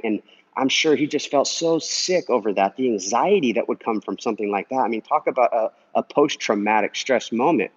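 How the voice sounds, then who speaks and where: This Christian vlogger, a husky man with a mid-range voice, talks a little fast while strolling through an indoor pool area and replying to a viewer's comment. He's earnest and conversational, leaning on "man" and "you know" as he encourages, and the audio is dull and lo-fi.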